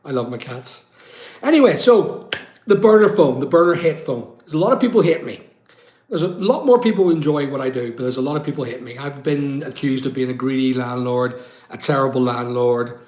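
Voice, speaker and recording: A man's voice: mid-range voice, animated, fairly quick, darkish tone. A man from Britain hosting a casual live-stream chat, rambling and reading viewer comments aloud. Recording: echoey room.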